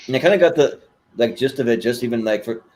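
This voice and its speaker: A man's voice: mid-range voice, fast, a little mellow. A man co-hosting a podcast, talking in an easygoing, casual way with hesitant restarts. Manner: easygoing, frequent short agreements and laughs. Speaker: podcast co-host. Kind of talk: casual chat.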